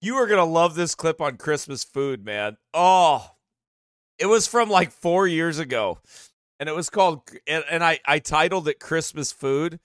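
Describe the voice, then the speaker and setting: A man's voice: fairly high pitch, animated, measured pace, a bit bright, no echo, clean studio sound. A man, a pastor, chatting casually on a livestream, laughing often and in a goofy mood, his voice slightly strained.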